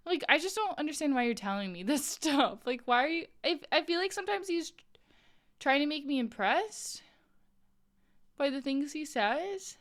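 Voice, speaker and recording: A woman's voice: high voice, expressive, normal speed. A woman streamer chatting casually with viewers while crocheting, talking in an incredulous way, laughing often and filling her talk with "like".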